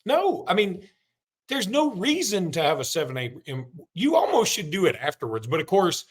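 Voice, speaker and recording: A man hosts a sports chat show in a slightly high voice. He rambles and jokes his way through stories in a casual, easygoing style. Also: big pitch swings, normal speed, husky. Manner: joking, rambling storyteller. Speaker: podcast host.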